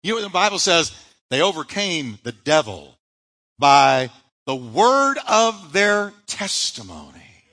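A man's voice: on the high side, big pitch swings, slow, bright, forceful tone. A man preaching a sermon as pastor, building with emphatic repeated refrains and rising bursts. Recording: live church sermon audio.

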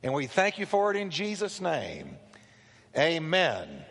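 A male pastor preaching a sermon, telling the story with animated delivery and acting out the quotes. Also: fairly high pitch, a little slow, creaky, husky. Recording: long hall reverb.

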